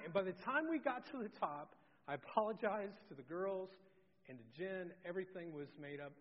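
A middle-aged male pastor with a notably high voice tells a story from the pulpit, moving from loud to hushed. His voice rings through a large church hall with a long reverb. The sound is dull and slightly muffled. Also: animated, a little fast. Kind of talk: sermon. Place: church sanctuary.

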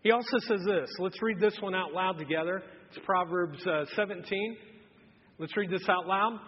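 A man in his thirties preaching a humorous sermon, telling a self-mocking story in an animated way. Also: sits high, normal speed, big-room sound, muffled recording, slight background noise. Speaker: pastor. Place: church auditorium.

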